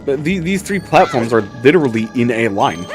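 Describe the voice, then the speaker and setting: A game streamer narrates their own play in a casual, muttering way, dropping swears between thoughts. The voice sits at a middle pitch but swings widely. Soft game music runs faintly behind. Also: big pitch swings, a little fast. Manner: swears often, talks to self while playing. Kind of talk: casual gameplay commentary.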